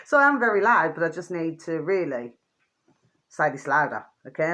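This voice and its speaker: A woman hosting her own channel, talking in a rambling, casual monologue. She keeps asking if listeners know what she means and drops to a murmur between louder bursts. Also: lively intonation, normal speed. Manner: chatty, repeats pet phrases and asks "do you know what I mean"; often drops to a low murmur, then rises high and laughs. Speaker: channel host.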